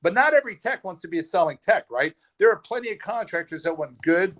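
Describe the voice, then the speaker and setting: On a remote call with poor connection, a Texas trades recruiter guesting on a podcast tells stories in a casual, animated chat. He has a high voice, talks fast, and keeps restarting his sentences.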